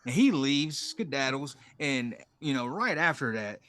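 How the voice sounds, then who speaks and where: A man's voice: medium pitch, big pitch swings, a little slow, fairly bright tone. A man co-hosting a podcast, recapping a TV episode in casual chat, joking and riffing with mock quotes. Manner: jokey, riffs with mock quotes. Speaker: podcast co-host.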